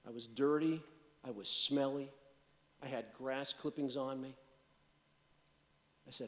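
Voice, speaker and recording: A pastor giving a sermon, moving between loud, emphatic preaching and quiet, self-deprecating storytelling. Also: male voice, medium pitch, fairly even intonation, unhurried, long pauses, long reverb tail.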